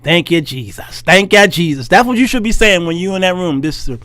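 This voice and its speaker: A man's voice: high-pitched, animated, brisk, bright, forceful tone, dry recording. A man hosting a faith-based talk show, joking and laughing often with a preacher-like cadence. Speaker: host.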